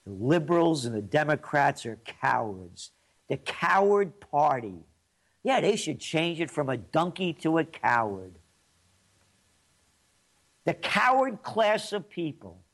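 Ranting New commentator, high lively voice, slow, mocking delivery. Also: male voice. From New York. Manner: combative, sarcastic, mocking. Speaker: commentator and host. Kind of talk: ranting political monologue.

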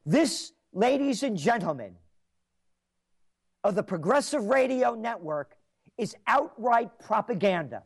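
A man hosting a talk radio show, delivering an angry, mocking rant with sarcastic jabs and bursts of shouting. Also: high voice, very animated, measured pace, creaky, breathy edge.

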